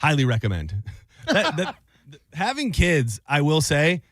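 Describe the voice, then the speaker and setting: A man's voice: fairly high pitch, big pitch swings, takes it slowly, fairly bright tone, dry recording. Guy hosting radio, casual rambly banter, dry close mic. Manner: loose rambling delivery, lots of restarts. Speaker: radio show host.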